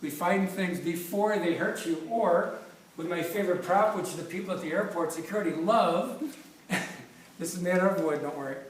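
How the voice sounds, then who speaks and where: A chiropractor in his fifties gives an enthusiastic, jokey presentation with props, speaking at normal speed in a voice that sits high and often restarting his sentences. The room is echoey, the mic distant, with faint noise.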